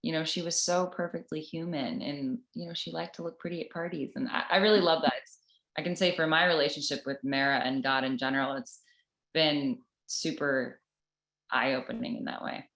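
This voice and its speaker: A woman sharing a personal spiritual story with a group, earnest and halting, with many restarts. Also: low voice, fairly even intonation, a bit bright. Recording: roomy echoing room.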